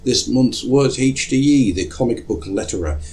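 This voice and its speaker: A man's voice: mid-range voice, expressive, normal speed, darkish tone, slight background noise, rough recording. A man hosting a podcast in a casual, jokey, self-mocking way and swearing freely. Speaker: podcast host.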